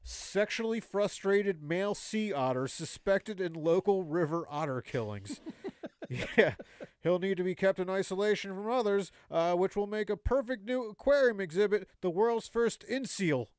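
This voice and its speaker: High-voiced crude male podcast co-host. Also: animated, normal speed, a little mellow, smooth, no room sound, clean studio sound. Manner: crude, swearing banter. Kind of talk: comedy podcast, reading joke headlines.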